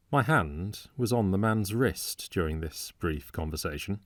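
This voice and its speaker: A man reading a classic novel as an audiobook in a measured, steady storytelling manner, recorded on a close studio microphone. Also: deep voice, dry recording. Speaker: audiobook reader. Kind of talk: scripted narration of a classic novel.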